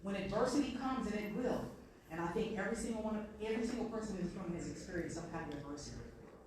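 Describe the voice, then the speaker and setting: A woman's voice: medium pitch, expressive, racing, noisy background. A woman giving an earnest, story-driven motivational speech to an audience in a large conference room. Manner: earnest, storytelling, repeats points. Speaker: keynote speaker. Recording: echoey hall from far off.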